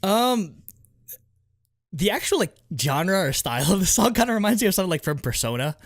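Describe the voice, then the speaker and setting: A man's voice: high voice, very animated, brisk, dry recording, studio quality. A man co-hosting a podcast, chatting casually with lots of "like" and laughs. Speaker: podcast co-host. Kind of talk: casual chat.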